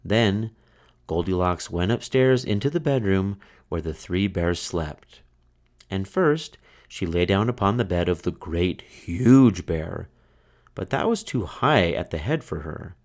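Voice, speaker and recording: A man reading a children's fairy tale aloud in a slow, expressive storytelling manner. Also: deep voice. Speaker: storybook reader. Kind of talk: children's book read-aloud.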